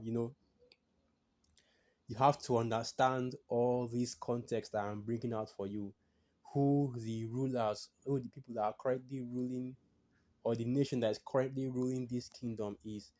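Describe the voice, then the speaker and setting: A man delivers a scripture-teaching sermon in a relaxed, conversational way, checking in with tag questions and restarting his sentences. His voice sits at a middle pitch with a dark, mellow tone. He breaks off now and then to read verses aloud. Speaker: preacher.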